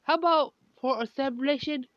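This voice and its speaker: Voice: sits high, a little fast, no echo, muffled recording, pitched above the performer's own voice, lightly acted. A narrator voicing an eager, polite young hero boy who stumbles as he talks. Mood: cheerful. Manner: hesitant, stumbling speech.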